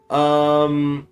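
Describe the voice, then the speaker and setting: Rambly male game streamer. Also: a little high. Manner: rambling, chuckling asides, many fillers. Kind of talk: casual game commentary.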